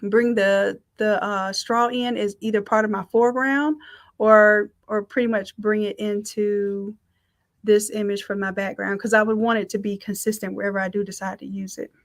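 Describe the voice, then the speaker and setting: A woman's voice: medium pitch, level tone, normal speed. A woman teaching a live design class, talking in an upbeat, chatty way and thinking aloud as she works. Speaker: design instructor. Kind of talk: live software tutorial.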